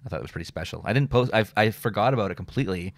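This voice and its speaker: A man's voice: lowish voice, racing, dry recording. A middle-aged man, a comedian and radio host, telling rambling stories with lots of filler words and some swearing in a casual interview.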